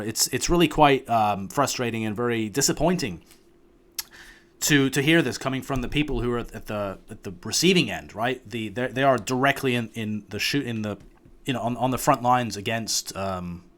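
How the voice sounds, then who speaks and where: A man's voice: medium pitch, normal speed, a bit bright. A man hosting a reaction video, commenting casually with frequent hesitations and restarts. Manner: hesitant, many restarts, frustrated.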